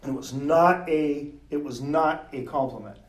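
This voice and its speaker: Middle-aged male guest, lively storyteller, slightly raised pitch, roomy distant recording. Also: moderate pace, background noise. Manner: animated storyteller, acts out quotes, laughs often. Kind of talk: storytelling in a podcast interview. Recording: roomy sound from off mic.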